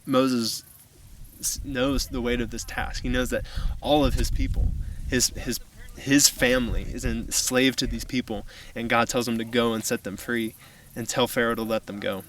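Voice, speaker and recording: A man preaching a relaxed outdoor sermon in a flat, even voice that stays level. He sits a little back from the camera mic, with faint noise around him. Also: mid-range voice, normal speed, far from the mic, poor audio. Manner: casual, conversational preaching with fillers. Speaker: youth pastor. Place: outdoors on a mountaintop.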